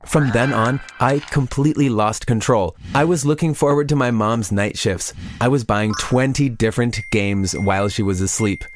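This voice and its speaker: Male narrator, mid-pitched, even regretful storytelling. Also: moderate pace, few pauses, a little hiss or hum. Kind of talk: scripted narration of a confession story.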